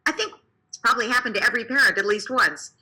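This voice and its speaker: A woman clinical psychologist explaining parenting to listeners in an animated way, asking them to imagine scenes. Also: a little high, fast, poor audio. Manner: animated, often acts out quoted speech.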